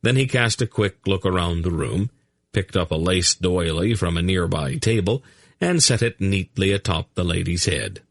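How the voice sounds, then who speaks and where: A man narrates a fantasy audiobook in a measured storytelling voice. His tone is low and gravelly with a husky grain, and he shifts his pitch lively between characters, heard dry and close. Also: dry recording. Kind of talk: scripted narration.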